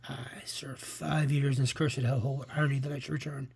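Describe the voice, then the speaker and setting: A man with a husky voice reading the part of a cocky, gloating male criminal on the run in a comic, with small stumbles. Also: mid-range voice, flat delivery, a little fast, a little mellow. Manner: plain read-aloud delivery with stumbles.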